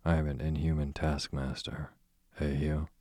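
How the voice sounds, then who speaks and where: A man's voice: rumbling low, little pitch movement, normal speed, warm tone, dry recording. A man reading the part of a sardonic aristocratic duke in a bedtime audiobook, with a dry, sarcastic drawl.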